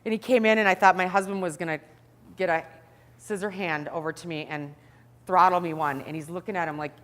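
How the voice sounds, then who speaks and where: A middle-aged woman telling a story to an audience in an animated way, acting out the scenes. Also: lowish voice, brisk, long reverb tail. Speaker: speaker.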